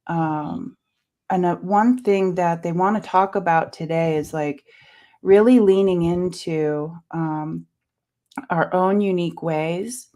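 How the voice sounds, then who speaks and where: A woman in a casual co-hosted talk musing about spiritual growth, hesitant and full of fillers, clearing her throat now and then. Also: lowish voice, slow. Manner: soft-spoken, musing, many fillers. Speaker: co-host.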